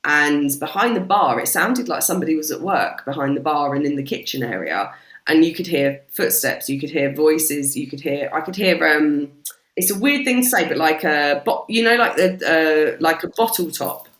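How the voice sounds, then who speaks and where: A British woman, a podcast guest, telling stories in a casual, animated way and swearing freely. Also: low voice, normal speed. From Britain. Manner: animated, swears freely, acts out quoted voices. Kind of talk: casual storytelling chat. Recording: roomy echo.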